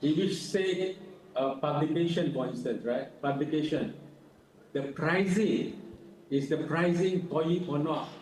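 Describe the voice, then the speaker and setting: A man's voice: on the high side, measured pace, darkish tone, slight background noise. A man, a professor answering a conference question over a video call, often repeating words and restarting. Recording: echoey, distant video call audio.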